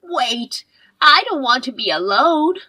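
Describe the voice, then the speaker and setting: A woman voicing a greedy, selfish older mother-in-law who whines and pleads in a somewhat lower voice. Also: huge pitch swings, takes it slowly, bright, forceful tone, slightly rough, heavily acted. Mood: pleading. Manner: pleading, whiny, self-pitying.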